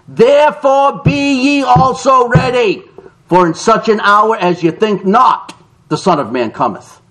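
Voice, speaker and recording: A man delivers a fiery sermon in a high voice. He swings wildly in pitch, shouting some lines and dropping others to a low murmur. He reads scripture slowly and with weight. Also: lively intonation. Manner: shouts for emphasis, swings between loud cries and low asides. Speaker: preacher.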